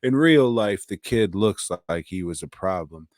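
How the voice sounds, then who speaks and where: A man's voice: lowish voice, expressive, a little slow, no echo, clean studio sound. A middle-aged man, tipsy from drinking, hosting a podcast and giving a casual, profane, rambling episode review. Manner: profane, rambling, laughing at his own jokes.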